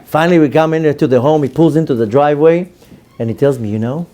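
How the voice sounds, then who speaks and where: A middle-aged rabbi lectures in a mellow, somewhat high voice, telling stories and acting out the quotes. He mixes jokes into his teaching and talks with a lively, casual manner. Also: fast, a little hiss or hum. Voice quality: storytelling with acted-out quotes, joking.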